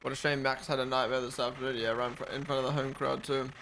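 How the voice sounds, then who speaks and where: A man live-streaming a race watch-along, chatting with viewers in an excitable, casual way. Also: medium pitch, fast. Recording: broadcast race audio noise behind. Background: race broadcast audio playing.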